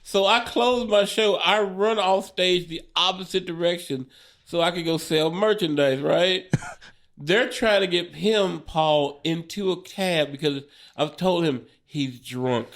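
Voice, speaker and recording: A stand-up comic tells a wild road story with a slightly high voice, swearing freely and breaking into laughter. He slips into quick little impressions of the drunk friend. The talk is loose and animated. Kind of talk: casual storytelling chat.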